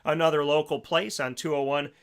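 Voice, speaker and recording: A man hosting a local radio show, talking in a lively, repetitive way straight to his listeners. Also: a little high, a little fast, clear, resonant tone. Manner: energetic, repetitive, talks directly to listeners. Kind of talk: casual radio talk with sponsor reads and motivational segment.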